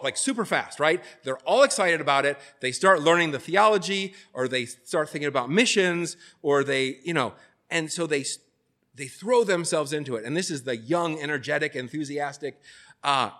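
A man preaches in a high-leaning, slightly bright voice, keeping the sermon casual and conversational. Fillers and restarts crop up throughout, and he acts out quoted voices from time to time.

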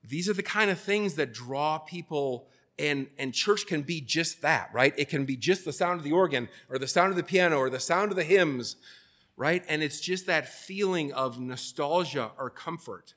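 This preacher's voice is a little high and a bit bright, moving at a normal speed. His sermon is casual and chatty, peppered with fillers and restarts, and he sometimes performs the voices he's quoting.

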